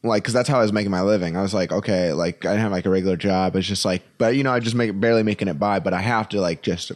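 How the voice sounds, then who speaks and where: Rambling man telling stories, lowish voice. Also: racing. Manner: rambling, lots of "like" and "you know". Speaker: guest comedian. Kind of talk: casual storytelling.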